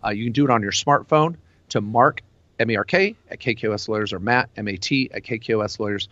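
A man co-hosting a tax and legal radio show, talking casually in an animated, rambling way with many fillers and restarts. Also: fairly low pitch, quick pace, no room sound, highs cut off.

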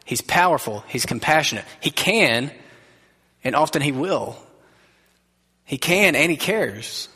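A man's voice: fairly high pitch, animated, measured pace, pauses often, husky. Man preaching in a reverberant hall. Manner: earnest, conversational preaching with soft quoted asides. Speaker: pastor. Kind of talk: sermon. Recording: long reverb of a large hall.

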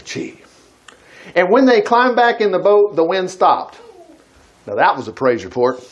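Animated high-voiced male preacher. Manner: folksy, conversational asides to the congregation; animated, breaks into acted quotes. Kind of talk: sermon, reading and commenting on scripture.

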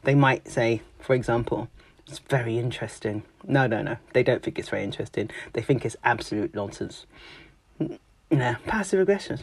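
A speaker from London with a London accent, talking in a casual monologue, emphatic and expressive, often mimicking everyday phrases. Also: mid-range voice, a little fast, vocal fry, slightly rough. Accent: London English. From London, England.

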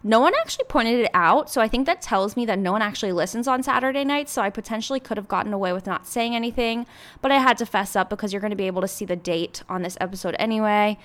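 A woman's voice: medium pitch, quick pace, fairly bright tone. A woman, hosting her solo podcast in a chatty, rambling way with lots of fillers. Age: 20s. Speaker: podcast host. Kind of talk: casual solo podcast chat.

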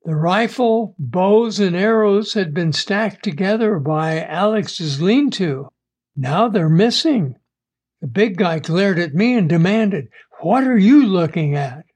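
Slow, high-voiced male storyteller. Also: expressive, a little mellow. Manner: slow, measured first-person storytelling. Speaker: narrator. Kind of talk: audiobook story reading.

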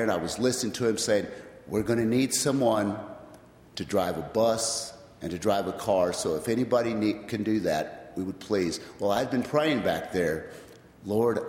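A man shares his personal testimony in church, in a fairly low voice. He tells his story plainly, coming back again and again to the turn "well, guess what." The sound is roomy, with a long church-hall reverb and faint noise behind. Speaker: church member giving testimony. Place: large church sanctuary.

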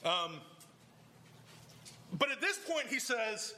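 A middle-aged pastor preaches in a bright, high voice that swings widely in pitch. He talks conversationally and then rises into emphatic bursts. A faint hiss sits under the recording. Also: lively intonation, moderate pace. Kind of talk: expository sermon.

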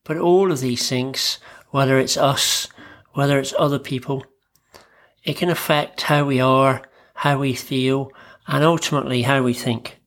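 Man, therapist, solo podcast, calm, reflective, measured phrasing, middle pitch.

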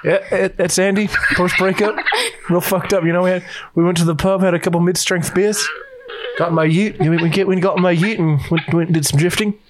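A man putting on a rough Australian accent as a rambling bloke telling a story about his mate. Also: high voice, steady tone, fairly quick, background noise, natural voice. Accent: put-on Australian.

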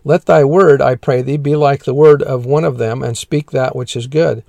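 A man reading old scripture aloud in a measured, plain way and pausing to explain the verses as a teacher. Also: medium pitch, fairly even intonation, creaky, mellow, no echo.

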